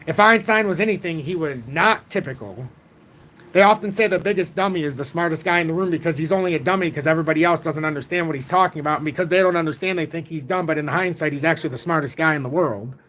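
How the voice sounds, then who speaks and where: A man in his forties hosting a casual livestream about crypto charts, talking in an excitable, rambling way from home. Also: a little high, quick pace. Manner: rambling, excitable, self-taught trader talk.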